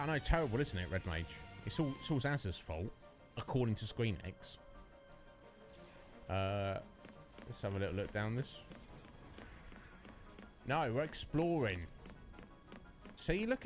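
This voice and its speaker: Man, game streamer, casual commentary, mid pitch, very animated, game music behind. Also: unhurried, pauses often. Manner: chatty, laughs and mimics characters.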